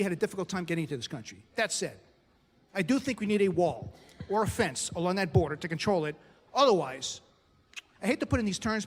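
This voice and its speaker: In a large hall, a middle-aged American comedian works a club stage with a high-pitched voice. His stand-up set features punchy delivery and quick asides to the crowd.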